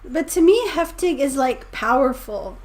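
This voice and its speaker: A playful woman hosts a relaxed chat with a friend. Her voice sits high and she takes her time, excitable and quick to laugh. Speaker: host. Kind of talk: casual chat learning Swedish words.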